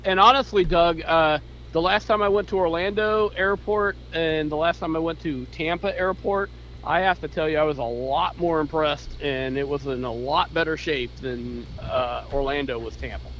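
A man's voice: fairly high pitch, fairly even intonation, moderate pace, fairly bright tone. A man co-hosting a podcast in casual chat, blunt and matter-of-fact. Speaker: podcast co-host. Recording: dull lo-fi line with faint noise.

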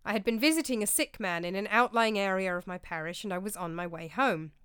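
A woman voicing a calm, worldly medieval priest who tells his tale in a measured way. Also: medium pitch, clean tone, dry recording, clean studio sound, close to an everyday voice. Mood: storytelling.

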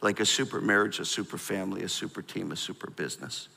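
A middle-aged man preaching a sermon, animated and storytelling, prompting the congregation. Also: low-pitched, quick pace, vocal fry, breathy edge, long reverb tail. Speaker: pastor.

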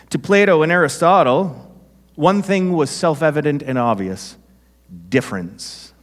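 Conversational pastor preaching in a reverberant hall. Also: male voice, on the high side. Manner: conversational, self-deprecating storytelling with asides. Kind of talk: sermon.

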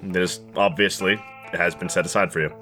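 A man's voice: low voice, steady tone, quick pace, pushed and bright, faint music behind. A man narrating as game master of a tabletop game, wry and a bit hesitant.

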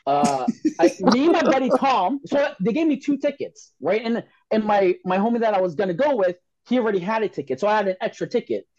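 A man, telling a story on a podcast in an excitable, profane way and acting out the voices of the people in it. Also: high voice, brisk, hardly any pauses. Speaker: podcast guest. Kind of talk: casual storytelling chat. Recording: dull, dry podcast audio.

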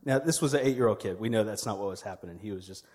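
A man's voice: fairly low pitch, racing, a little mellow, in a large hall. A man, delivering a sermon as a church media director, conversational and humorous with storytelling. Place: church sanctuary.

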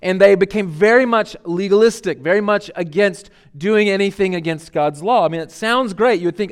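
A man's voice: sits high, moderate pace, hardly any pauses. A man preaching a sermon as lead pastor, conversational with many fillers and restarts.

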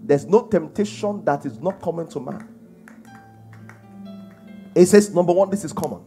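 A man's voice: a little high, normal speed, mellow, soft background music. A man preaching a sermon, emphatic and full of rhetorical questions. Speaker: pastor.

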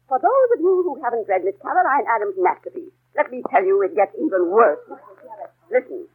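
An actress playing a prim, domineering spinster aunt who chairs a ladies' literary circle, indignant and theatrical, in a 1930s radio drama. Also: female voice, fairly high pitch, sing-song, brisk, slightly rough. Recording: scratchy phone-like 1930s radio broadcast.

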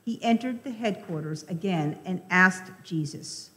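Slow-reading woman lector in a church. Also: fairly low pitch, bright, forceful tone. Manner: measured, deliberate reading. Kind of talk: scripture reading. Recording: reverberant church hall.

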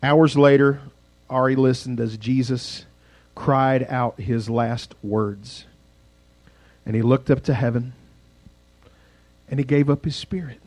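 A male pastor telling a dramatic story in a sermon, swinging from loud passages to hushed ones. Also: medium pitch, fairly even intonation, unhurried, no echo.

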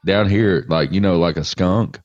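A man telling jokes and anecdotes in a relaxed way during a casual podcast chat. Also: deep voice, normal speed, no room sound, lo-fi sound.

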